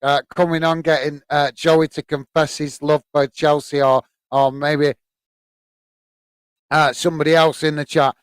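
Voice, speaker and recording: Hosting a live football watch-along from the UK, this man reads viewer comments aloud in chatty stream talk, laughs frequently, fills gaps with "uh", and calls everyone "mate". His slightly high voice stays level and unhurried, and the sound is clean with no echo.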